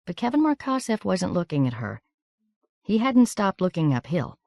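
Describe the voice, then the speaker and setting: A woman narrating an audiobook in a measured, steady reading. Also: lowish voice, gravelly, no echo.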